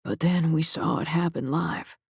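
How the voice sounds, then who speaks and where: A male narrator voicing a shaken agency director who speaks in a quiet, halting, grave way. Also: fairly high pitch, fairly even intonation, creaky, breathy edge, no echo, clean studio sound. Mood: grim.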